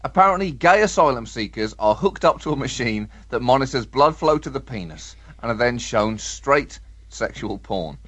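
A man's voice: medium pitch, animated, moderate pace, a bit bright. A man co-hosting a comedic news podcast, giving dry, mock-serious delivery with sudden outbursts. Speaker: co-host.

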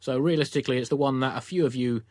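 A man's voice: medium pitch, rapid-fire, dry recording. An English man co-hosting a comic news podcast, reading absurd news items in a dry mock-newsreader manner. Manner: dry mock-newsreader delivery, deadpan jokes. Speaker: podcast co-host.

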